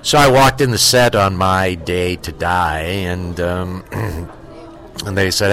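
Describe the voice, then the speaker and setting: A man with a very deep, low voice tells a story from a film set in a relaxed interview. He stumbles through fillers and restarts, swears freely, and acts out the people he quotes with lively energy. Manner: halting, full of fillers and restarts. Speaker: actor telling an on-set story. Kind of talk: casual interview anecdote.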